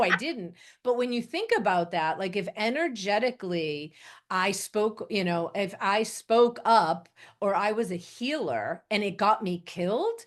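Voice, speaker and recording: Chatty woman host, a bit raspy. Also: medium pitch, moderate pace. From Italian family background. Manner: chatty, laughs often, frequent "right?". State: raspy throat. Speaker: podcast host and coach. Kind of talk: casual interview chat.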